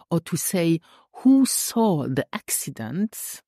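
A woman teaching a language lesson in a patient, deliberate way, often checking in with the listener. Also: fairly low pitch, very animated, a little mellow, no room sound, studio quality. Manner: patient, slow and deliberate, checks in with "hmm?" and "okay?".

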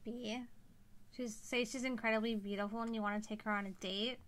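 A woman's voice: on the high side, steady tone, brisk, a bit bright. A young woman streaming a game, talking casually to her chat and weighing choices aloud.

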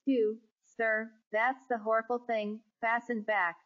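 A woman's voice: fairly high pitch, level tone, slow pace, fairly bright tone. A woman voicing a nervous working-class male ship steward who fusses, pleads and drops his h's while calling everyone sir. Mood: fretful. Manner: drops and adds h sounds, says sir constantly; pleading, fretful. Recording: dull lo-fi recording.

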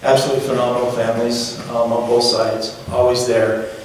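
A middle-aged man giving his father's eulogy at a funeral, speaking in a halting, reflective way with gentle humor. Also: medium pitch, level tone. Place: funeral chapel. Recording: very echoey hall from far off, faint noise.

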